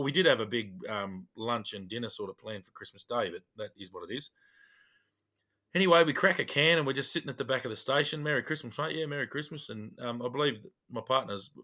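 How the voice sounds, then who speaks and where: Bright-voiced Australian man telling cop stories. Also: medium pitch. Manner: animated, acts out dialogue in his stories. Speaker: podcast co-host, police officer. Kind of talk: casual storytelling chat.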